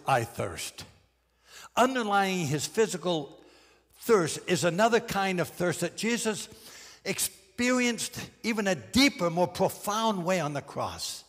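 A husky-voiced male pastor preaches high and animated, his pitch swinging widely. Emphasizing key phrases, he slows to a deliberate, insistent delivery, and his voice dies away in a long reverb.

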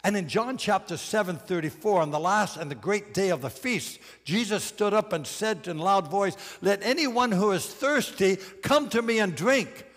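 A man preaching a sermon as pastor, emphatic and deliberate, slowing down to stress key phrases. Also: high-pitched, fairly bright tone, in a large hall.

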